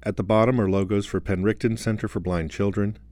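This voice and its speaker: A man reading out a slide description as the audio describer, in a plain, even way. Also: fairly low pitch, brisk, no room sound.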